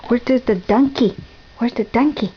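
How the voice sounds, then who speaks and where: A mother coaching her small daughter through a puzzle at home, with slow, sing-song praise that drops to whispers. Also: fairly high pitch. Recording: dull lo-fi home video with faint noise.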